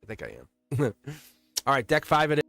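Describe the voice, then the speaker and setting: A man's voice: a little high, huge pitch swings, moderate pace. A man giving a live-stream tarot reading, chatty and laughing, speaking straight to his viewers. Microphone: desk mic. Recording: faint music behind the voice. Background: soft background music.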